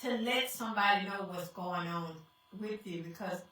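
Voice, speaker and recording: A woman speaks tearfully to a congregation, calling the crowd y'all as she gives her testimony as a guest speaker. She has a mid-range, pushed, bright voice at a moderate pace, recorded from a distance in an echoey church sanctuary.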